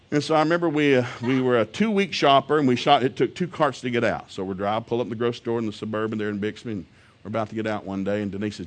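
An older man, preaching and telling a humorous family story in a folksy way that swings from low asides to loud outbursts. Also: fast talker.

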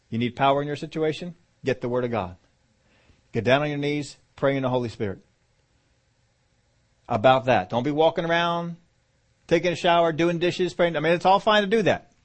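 Emphatic preacher, a man with a higher voice. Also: normal speed, pauses often. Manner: emphatic, swinging between loud urgent bursts and quiet low asides; repeats and restarts phrases while preaching. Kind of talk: sermon.

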